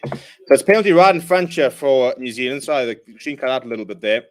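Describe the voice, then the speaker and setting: A young man hosting a live watchalong, calling the play and reading out viewer comments, and he bursts out loud at big moments. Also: medium pitch, a little fast, soft background music. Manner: excitable, shouts at big plays, reads viewer comments. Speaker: host.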